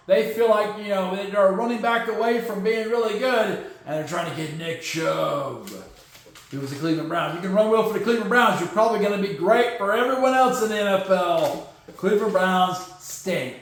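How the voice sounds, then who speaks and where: A man hosting a casual solo sports podcast in a jokey, goofy manner. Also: sits high. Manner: jokey and goofy, with shouted catchphrases. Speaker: podcast host. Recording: very echoey room.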